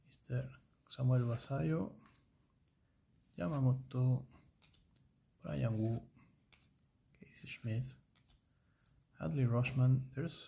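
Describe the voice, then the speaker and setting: Gravelly-voiced man streaming a card break. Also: medium pitch, mellow. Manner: chatty, rambling, reading off player names.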